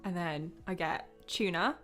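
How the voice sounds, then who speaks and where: A young woman co-hosting radio, speaking slowly and unhurriedly with giggly warmth. Faint music plays behind her. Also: on the low side. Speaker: radio co-host. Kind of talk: casual radio chat.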